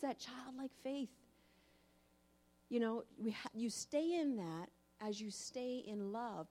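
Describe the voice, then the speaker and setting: Animated woman preacher, fairly high voice. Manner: animated storytelling. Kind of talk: sermon.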